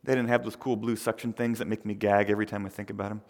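Gravelly male pastor preaching. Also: on the low side, level tone, fast, hardly any pauses, long reverb tail. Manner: conversational, swings from loud emphasis to near whisper; repeats words, restarts. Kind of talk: sermon.

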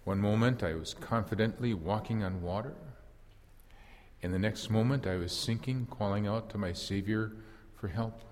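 A man giving voice to an impulsive old fisherman-apostle who looks back on his failings with earnest candor and a wry, self-mocking edge. The voice sits fairly low, and a long hall reverb trails behind every phrase in this first-person dramatic monologue. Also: normal speed, close to an everyday voice. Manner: earnest reflective storytelling with wry self-deprecation.

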